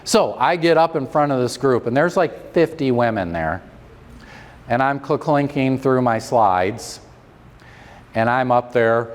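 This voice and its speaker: A middle-aged man, a chiropractor, telling a story at a convention seminar in a joking, self-deprecating, animated way. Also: mid-range voice, unhurried. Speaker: chiropractor giving a seminar talk. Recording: long reverb of a large hall.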